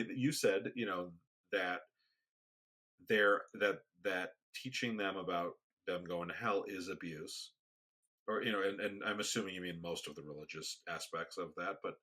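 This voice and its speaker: A man's voice: sits low, sharp tone. A man co-hosting a podcast, talking things through in a thoughtful, hesitant way. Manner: thoughtful, hesitant, searching for words. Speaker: podcast co-host. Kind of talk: casual discussion.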